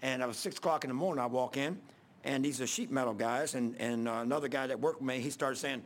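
A man's voice: mid-range voice, fast talker. A man preaching a sermon, telling a story in a casual, conversational way with many restarts.

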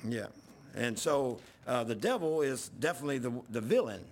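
A male pastor preaching a sermon in a church, telling folksy stories and rising to yelling when worked up. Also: mid-range voice, lively intonation, moderate pace. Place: church sanctuary.

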